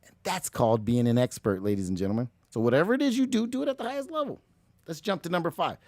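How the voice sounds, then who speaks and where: A man hosting a motivational talk, energetic and preachy, who keeps addressing listeners as ladies and gentlemen. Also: a little high, quick pace, dry recording. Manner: energetic, preachy, slips into mock voices. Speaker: motivational show host.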